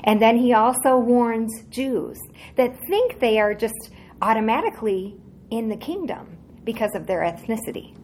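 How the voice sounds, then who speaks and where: A woman giving a devotional Bible teaching, speaking earnestly with slow, emphatic phrasing and soft asides. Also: a little high, a little hiss or hum.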